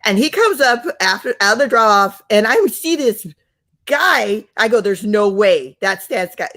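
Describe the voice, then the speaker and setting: A young woman co-hosting a podcast, telling a story in an animated, giggly way and acting out the quotes. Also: medium pitch, moderate pace. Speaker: podcast co-host. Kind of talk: casual storytelling.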